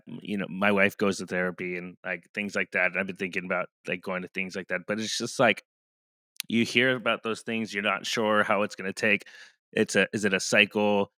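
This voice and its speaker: A man's voice: fairly low pitch, sharp tone, no room sound. A man hosting a podcast interview, reacting in a loose, casual way with lots of fillers. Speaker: podcast host.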